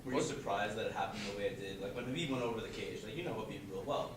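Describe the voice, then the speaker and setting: A man reporter asking rapid, rambling questions at a press scrum. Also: on the low side. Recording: distant echoey mic with crowd.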